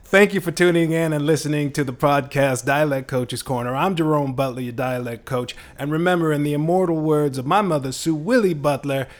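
A man's voice: fairly high pitch, fairly quick, hardly any pauses. A man hosting a podcast as a dialect coach, giving a polished thanks and sign-off to his guest. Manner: polished sign-off, short listening murmurs.

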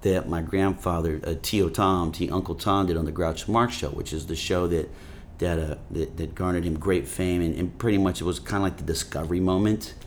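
Deep-voiced man, rambling interview guest. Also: brisk, slight background noise. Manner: rambling, heavy use of "you know" fillers; animated storytelling, voices his grandfather. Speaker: actor guest. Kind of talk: casual interview talk.

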